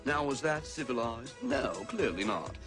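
A man's voice: mid-range voice, expressive, moderate pace, close to an everyday voice. An actor playing a dry, wry man in a film clip with music behind him.

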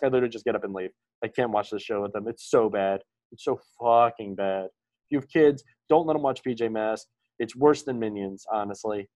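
A man in his thirties co-hosting a podcast in casual chat, animated, swearing a lot and full of fillers. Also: mid-range voice. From Maryland, USA. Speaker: podcast co-host.

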